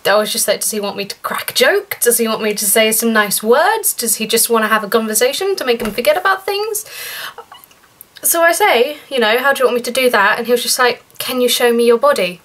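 A woman's voice: lively intonation, brisk, a bit bright. Chatty young woman telling a story. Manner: chatty and indignant, rising pitch when outraged. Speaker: vlogger. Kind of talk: story time vlog.

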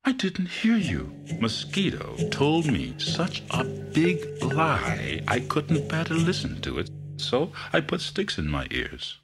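A shrill, panicky iguana. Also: male voice, wildly swooping pitch, slow, hardly any pauses, music in the background, heavily acted. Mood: protesting. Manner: protesting, high and strained. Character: shrill frightened male iguana.

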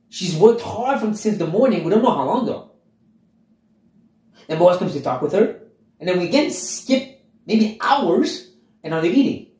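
Animated man teaching scripture, echoey room. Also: on the high side. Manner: animated, emphatic, asks listeners rhetorical questions. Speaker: Bible teacher. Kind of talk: expository Bible teaching.

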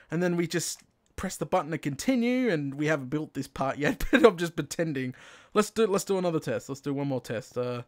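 A man narrating his own Minecraft play, talking himself through each step and bursting into excited shouts when things work. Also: fairly high pitch, brisk. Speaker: gaming channel host. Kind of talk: Minecraft let's play commentary.

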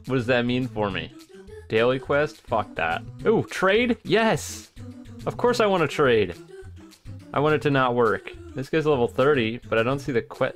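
A man's voice: medium pitch, sing-song, normal speed, soft background music. A man giving dry, mocking commentary while playing a video game, muttering asides to himself. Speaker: gaming YouTuber. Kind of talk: sarcastic gameplay commentary.

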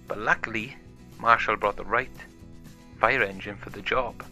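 Bright-voiced man narrating a toy story. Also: lowish voice, moderate pace, faint music behind. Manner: chatty, improvised plain storytelling.

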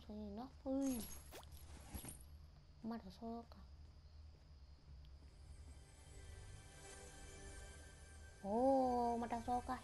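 Woman doing a high, brash cursing gamer bit, loud and sing-song. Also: gravelly, a little hiss or hum.

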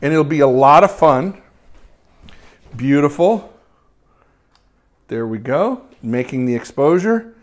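A cheerful man with a fairly high voice for a man walks viewers through a photography demo as he works. He keeps up a friendly running chatter full of quick praise and is eager to encourage his audience. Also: expressive. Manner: upbeat and chatty, lots of praise words. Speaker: photography teacher hosting a live stream. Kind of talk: live demo, talking while working.

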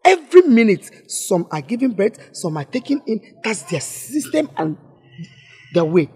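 A woman's voice: on the high side, very animated, moderate pace, breathy edge, full character voice. A scheming Nigerian mother. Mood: persuasive. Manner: loud, emphatic, cajoling. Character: scheming domineering mother pushing her son to remarry. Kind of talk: Nollywood film acting.

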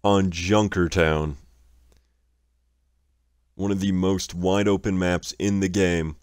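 A man's voice: deep voice, fairly even intonation, slow, a little mellow, clear, resonant tone, no echo, studio quality. A young man casually commenting on someone else's gameplay, exasperated, swearing and laughing often.

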